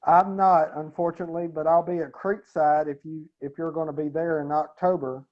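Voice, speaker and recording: A man's voice: fairly high pitch, little pitch movement, brisk, dull audio. A man hosting an online interview show, talking in a friendly, casual way and calling his guest buddy and sir. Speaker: show host.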